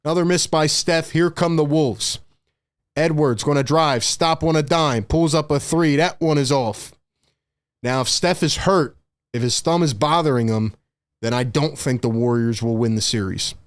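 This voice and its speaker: An excitable young man calls a basketball game live for his stream audience. His voice sits a little high, and he sounds breathless, jumping between quick play-by-play and chatty asides to viewers. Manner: excitable, breathless, talks straight to chat.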